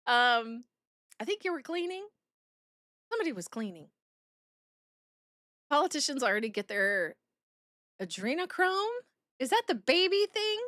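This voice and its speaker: A woman's voice: high voice, sing-song, a little slow, pauses often, a bit bright, no echo, clean studio sound. A woman streamer chatting casually with her viewers, giggling as she reads out chat messages. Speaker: streamer reacting to a video.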